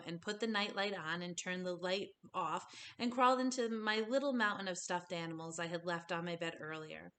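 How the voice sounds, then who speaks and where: A woman actor reading a children's novel aloud in a gentle, expressive storybook manner. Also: mid-range voice. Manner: gentle, expressive, slowing on tender moments.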